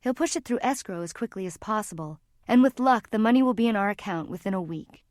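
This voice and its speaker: A woman's voice: medium pitch, expressive, fast, a little mellow, no echo, natural voice. A woman voicing a strained, weary mother. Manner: strained, pleading, close to tears. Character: worried tired mother, middle-aged woman.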